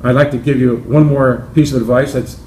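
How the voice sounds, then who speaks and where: A man presenting his golf shaft company and telling a joke, halting with restarts. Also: medium pitch, fairly even intonation, a little mellow, a little hiss or hum. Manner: halting, with many restarts and fillers. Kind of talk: company promo talk with a joke. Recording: roomy with faint ambience.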